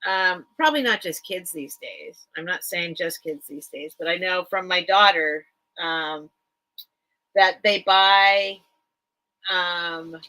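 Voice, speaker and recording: A middle-aged woman who sells vintage goods online hosts a casual live-stream sale from home, chatting and rambling with lots of ums. Her lowish voice sounds pushed and bright, and the recording is rough.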